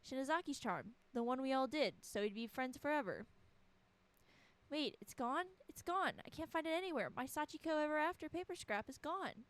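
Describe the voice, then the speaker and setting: A woman's voice: sits high, expressive, moderate pace. A woman voicing a frightened teenage schoolgirl, reading her panicky, pleading lines in a game. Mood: scared.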